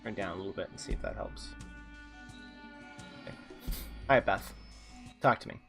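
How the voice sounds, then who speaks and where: A man's voice: deep voice, normal speed, vocal fry, long pauses, a bit bright. A man hosting a gameplay video, chatting casually and cracking jokes while reading game text aloud. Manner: chatty, jokey asides, reads game dialogue aloud. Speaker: gaming channel host. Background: faint game music.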